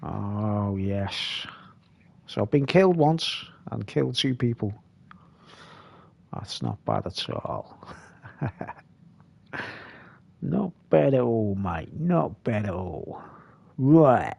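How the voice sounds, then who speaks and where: Guy streaming, slow gravelly delivery, rambling gameplay chat. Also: medium pitch, wildly swooping pitch, warm tone, no room sound. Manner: rambling, chatty, peppers talk with "mate". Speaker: game streamer. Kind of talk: live gameplay commentary.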